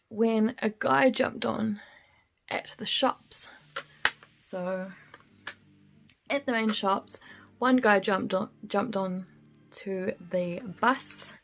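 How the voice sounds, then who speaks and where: A woman's voice: mid-range voice, vocal fry. A woman telling a spooky story in casual chat while doing her makeup, laughing often and using lots of fillers. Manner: chatty, laughs often, full of fillers and slang. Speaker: beauty vlogger.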